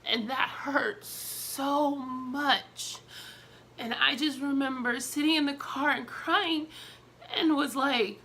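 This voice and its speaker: A young woman tells a personal story in a candid storytime vlog, pausing often on fillers. Her voice sits a little high and sounds bright. She takes her time over each thought. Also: fairly even intonation, a little hiss or hum. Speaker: vlogger telling a personal story.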